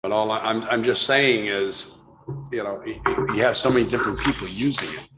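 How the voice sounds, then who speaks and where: A selectman at a town board meeting speaks plainly and conversationally in a lowish voice, a little fast. Loud music plays over him, and the meeting room is echoey and noisy.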